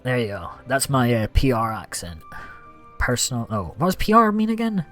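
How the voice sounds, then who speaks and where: Young male streamer, lively casual chat, soft music under. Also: medium pitch, normal speed. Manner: chatty, reads out gift thanks, animated. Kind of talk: casual gaming livestream chat.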